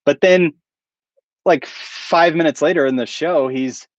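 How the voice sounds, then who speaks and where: A man's voice: on the high side, unhurried, no echo. Rambling male streamer, dull dry audio. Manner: rambling, chuckles at his own jokes. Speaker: channel host. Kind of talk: casual livestream chat with viewers.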